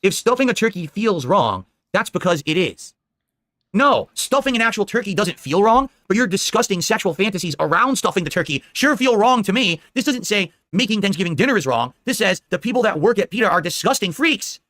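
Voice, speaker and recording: A man's voice: high-pitched, very animated, fairly quick, a bit bright, no echo, studio quality. A man hosting a live political commentary stream, talking indignantly and rambling, with many "all right?" asides.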